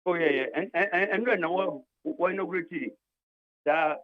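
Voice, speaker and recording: A man's voice: high-pitched, normal speed, highs cut off. An older man with a Ghanaian accent, a labour union leader arguing emphatically on a radio talk show, repeating his points and switching between English and Twi.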